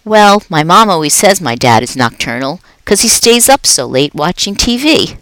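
A woman's voice: lowish voice, sing-song, normal speed, fairly bright tone, no echo. A woman voicing a sheepish schoolboy. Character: squirming young schoolboy.

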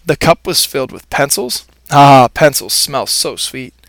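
A man reading a children's storybook aloud in a playful, expressive first-person narration. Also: medium pitch, unhurried, no room sound. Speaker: audiobook narrator.

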